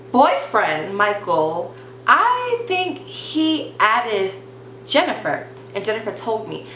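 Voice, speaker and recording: A young woman tells a personal story in a casual vlog, talking in a chatty, animated way full of restarts. Her voice is bright and sharp. The room is echoey, with a faint hiss behind her. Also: medium pitch. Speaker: vlogger telling a story.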